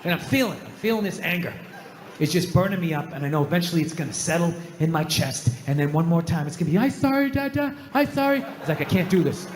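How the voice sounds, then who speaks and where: A man's voice: fairly high pitch, fast talker, slight background noise. A male stand-up comedian ranting and swearing with self-mocking humor on a theater stage. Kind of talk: stand-up routine. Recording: echoey hall, faint ambience.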